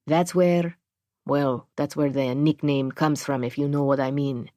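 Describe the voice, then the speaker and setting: A woman narrator voicing a gruff male building superintendent who swears and talks coarsely. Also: low voice, steady tone, unhurried, warm tone, dry recording. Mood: grudging.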